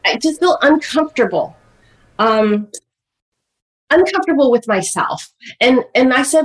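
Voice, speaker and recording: A woman guest on a podcast, telling her life story in an animated, chatty way full of "like" and "you know". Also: a little high, moderate pace. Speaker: guest author. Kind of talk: personal storytelling in a podcast interview.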